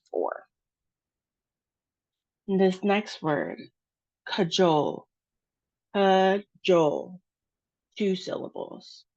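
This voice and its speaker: American lady teaching pronunciation, slow and careful, kinda low voice, muffled audio. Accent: General American. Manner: patient, over-articulates example words.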